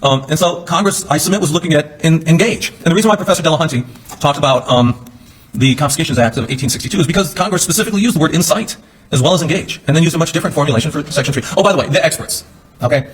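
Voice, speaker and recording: A man's voice: on the high side, rapid-fire, slightly rough. A man giving a courtroom closing argument as a defense attorney, talking conversationally with digressions and asides.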